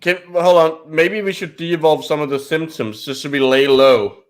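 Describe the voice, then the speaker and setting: A man's voice: on the high side, normal speed. A man with a Danish accent, co-hosting a casual game stream and thinking aloud with frequent restarts. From Denmark. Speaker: co-host.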